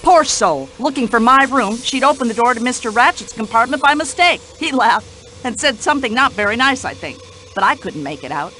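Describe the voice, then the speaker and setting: A woman's voice: fairly high pitch, animated, brisk, pushed and bright, poor audio. A woman voicing a talkative, indignant older widow in a radio play, speaking. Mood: gossipy. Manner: indignant, chatty, complaining.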